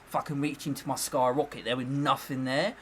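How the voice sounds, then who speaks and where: A man's voice: medium pitch, flat delivery, brisk, a little hiss or hum, lightly acted. A man impersonating his swaggering, chummy London boss, who rambles and keeps calling people "mate". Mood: rambling.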